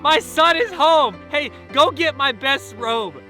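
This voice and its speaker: Joyful generous father, played by a preacher, bright and raised voice, quick bursting orders. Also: extremely high pitch, faint music behind, voice pushed up, full character voice. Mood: overjoyed. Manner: eager, commanding servants in bursts. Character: overjoyed generous father welcoming his son.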